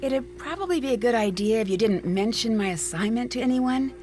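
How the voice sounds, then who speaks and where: An actress playing a calm, level-headed young woman detective in a mystery video game. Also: on the high side, fairly quick, slight background noise, lightly acted. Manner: calm, matter-of-fact.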